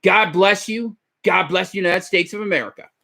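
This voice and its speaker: A man doing a gravelly ranting talk-show host. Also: fairly quick, exaggerated voice. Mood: bombastic. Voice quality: deep, gravelly. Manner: shouting, preachy rants. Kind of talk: parody radio show host.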